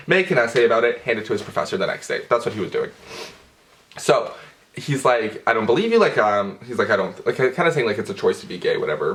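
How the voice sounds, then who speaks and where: A young man tells a storytime vlog in a lively, dramatic way, swearing freely and breaking into sudden outbursts. His voice sits at an ordinary middle pitch for a man. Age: young adult. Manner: animated and profane, with dramatic outbursts. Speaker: vlogger.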